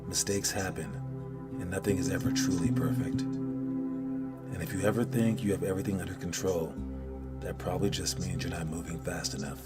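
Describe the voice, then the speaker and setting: Synthetic man, very deep, distant sound, heavy music bed. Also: moderate pace. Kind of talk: read-out quote of the day. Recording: distant voice over very loud music.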